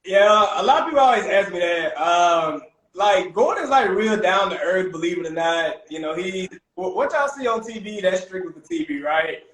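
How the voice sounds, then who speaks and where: Animated young chef telling stories. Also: male voice, sits high, moderate pace. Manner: animated, peppers talk with "man" and "bro". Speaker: guest private chef. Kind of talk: casual storytelling. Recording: roomy echo.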